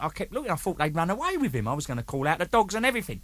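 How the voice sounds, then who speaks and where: A man's voice: high-pitched, very fast, few pauses, no echo. A man telling rowdy anecdotes full of swearing and acted-out voices, played from an archive recording. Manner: animated, swearing, acts out voices. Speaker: storytelling guest.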